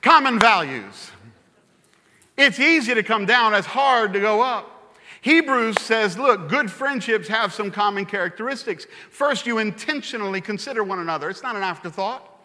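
A pastor preaching a sermon, telling stories in an animated way and repeating phrases for emphasis. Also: male voice, high-pitched, moderate pace. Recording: long hall reverb.

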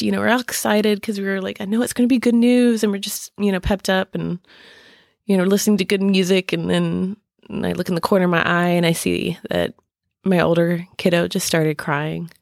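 A middle-aged woman hosting a podcast, speaking haltingly with many fillers and restarts as she searches for words. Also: fairly low pitch, gravelly, no echo, studio quality. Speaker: podcast host. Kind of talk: personal podcast talk.

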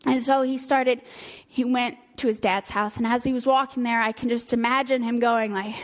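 A woman with a fairly high voice retelling a Bible story. She is casual and chatty, animated as she goes, with asides to her listeners. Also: moderate pace. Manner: chatty, animated, laughs between lines.

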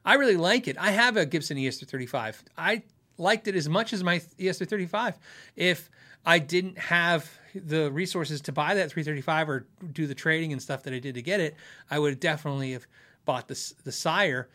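Bright and a bit pushed, the man's higher-leaning voice moves a little fast. He's a middle-aged guitar show host fielding viewer questions over a relaxed live stream, wandering off on tangents and frequently chuckling at his own expense.

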